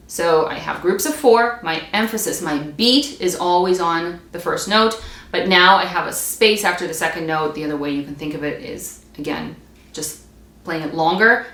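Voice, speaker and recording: Low-voiced woman teaching practice technique. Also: fairly bright tone. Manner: explains patiently, demonstrates between phrases. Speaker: music teacher. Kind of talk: instrumental practice lesson. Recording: echoey room with string playing. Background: bowed string instrument between lines.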